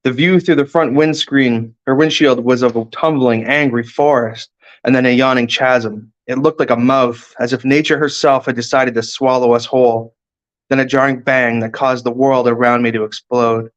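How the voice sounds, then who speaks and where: A man's voice: medium pitch, normal speed. Man reading his story, lo-fi sound. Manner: steady first-person storytelling. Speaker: author. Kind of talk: reading his own fiction aloud. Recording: dull lo-fi recording.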